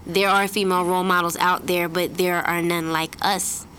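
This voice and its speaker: A young woman in a casual group interview, a singer talking in a relaxed way with many fillers and laughs. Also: fairly low pitch, moderate pace, slight background noise.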